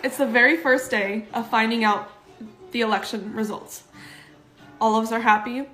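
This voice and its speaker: A woman's voice: fairly high pitch, steady tone, moderate pace, fairly bright tone, echoey room, soft background music, poor audio. A woman talking earnestly and emotionally in a personal social media video.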